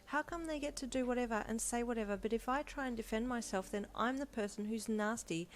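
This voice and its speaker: A woman voicing an upset, tearful young pregnant wife in an audio fanfiction role-play, talking high and agitated. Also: fairly quick, a little hiss or hum, close to an everyday voice. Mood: angry.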